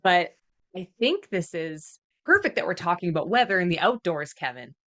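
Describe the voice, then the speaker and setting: A woman's voice: fairly low pitch, very animated, moderate pace, a bit bright. A Canadian woman hosting a podcast, chatting casually with lots of fillers and laughs. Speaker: podcast host. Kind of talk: casual chat.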